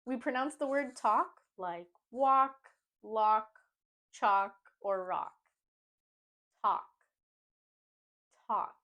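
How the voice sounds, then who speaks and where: A young woman teaching English pronunciation, speaking clearly and deliberately and repeating each word slowly for learners. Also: on the high side, a bit bright. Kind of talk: slow, carefully enunciated pronunciation lesson.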